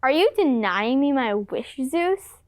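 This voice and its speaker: A woman's voice: high-pitched, sing-song, measured pace, dry recording, studio quality. A woman playing the jealous, scheming queen of the gods in a student class play, sly and theatrical. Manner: sly, theatrical, sugary-sweet menace.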